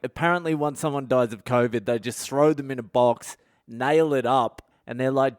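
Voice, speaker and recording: A man's voice: medium pitch, fairly quick, dry recording, clean studio sound. A man, a comedian hosting his daily podcast, telling a profane comic story and acting out other people's voices along the way. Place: a home in India.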